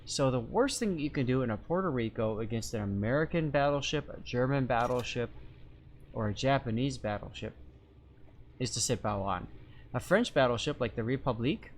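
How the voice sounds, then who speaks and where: A male streamer speaks at an ordinary, middle pitch, easygoing and talkative as he answers chat and explains game mechanics. He thinks aloud through calculations, correcting himself as he goes. A soft layer of background noise sits under his voice. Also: animated, moderate pace. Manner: chatty, explains step by step, reads chat aloud. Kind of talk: live-stream game commentary.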